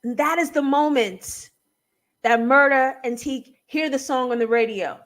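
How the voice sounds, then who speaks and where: A young woman hosts a live recap show and breaks down a TV episode scene by scene. Her voice sits high, and she takes her time, leaning hard on key words with animated emphasis. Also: measured pace. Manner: animated, emphatic, laughing and near tears at times. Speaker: TV recap host.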